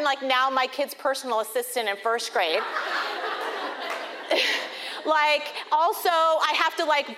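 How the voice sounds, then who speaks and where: A woman in her thirties telling funny personal stories in an animated way, laughing often and acting out voices. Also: high-pitched. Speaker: speaker talking about overwhelm. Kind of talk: personal storytelling talk.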